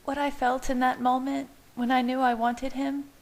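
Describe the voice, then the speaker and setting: A woman voicing a gentle, tearful young pregnant wife, speaking softly and pleadingly in a raised voice. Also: high-pitched, little pitch movement, normal speed, voice pushed up. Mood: tender.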